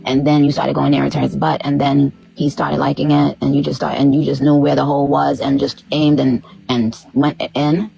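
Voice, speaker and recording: Brief: female interviewer with an extremely gravelly, very deep voice, blunt and prying. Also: level tone, moderate pace, hardly any pauses, warm tone, muffled recording, soft background music. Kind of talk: probing interview.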